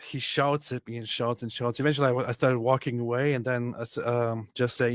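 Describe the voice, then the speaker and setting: A man co-hosting a podcast, telling an anecdote in casual chat, animated and acting out what others said. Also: medium pitch, a little fast, few pauses, dry recording, studio quality. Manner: animated, acts out quotes, frequent restarts. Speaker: podcast co-host.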